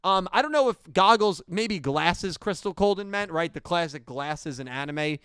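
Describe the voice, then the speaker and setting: A young man hosting a podcast, hyped and rushed as he chats and reads out donations. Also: sits high, animated, fairly bright tone, clear, resonant tone, no room sound. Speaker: podcast host reading donations. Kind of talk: excited casual chat.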